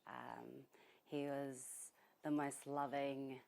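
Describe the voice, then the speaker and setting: A young woman, grieving and giving an interview at her family home, speaking softly and haltingly with many pauses. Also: rumbling low, level tone, creaky. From New Zealand. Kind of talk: emotional interview testimony.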